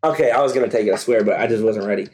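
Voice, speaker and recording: A young man co-hosting a live stream in casual chat, excitable and joking, quick to laugh. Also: on the low side. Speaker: podcast co-host.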